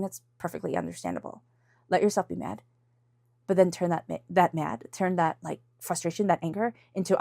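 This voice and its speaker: A tarot reader with a mid-range, darkish voice gives an intuitive, encouraging reading, recorded cleanly in a studio without room sound. She's casual, uses many fillers and restarts, and acts out inner voices as quotes.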